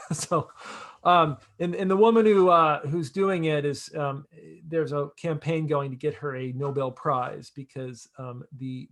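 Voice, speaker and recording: A man walks a project team through a shared screen. His voice sits a bit high for a man, and he keeps stopping to restart his sentences, with ums and uhs all through. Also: a bit bright. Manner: halting, many fillers and restarts, chuckles at asides. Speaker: project lead. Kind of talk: casual screen-share walkthrough.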